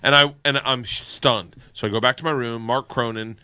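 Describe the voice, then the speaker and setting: A man telling a story in a casual podcast chat, animated and profane, acting out the people in it. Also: mid-range voice, normal speed, clean tone, no echo.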